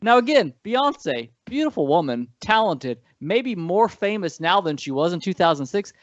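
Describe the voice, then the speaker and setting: Animated rambling man, lively pitch. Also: moderate pace, dry recording. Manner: rambling, animated, frequent self-corrections and laughs. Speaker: podcast co-host. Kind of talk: casual movie-review chat. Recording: dull lo-fi dry sound.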